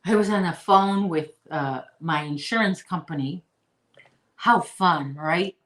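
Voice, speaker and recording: A woman's voice: takes it slowly, fairly bright tone, echoey room, rough recording. A woman from the Chicago area chatting with her viewers while she crochets, rambling along in a casual way. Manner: chatty and rambling, talks to her puppy in a high baby voice. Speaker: crochet vlogger. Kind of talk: casual chat to live viewers.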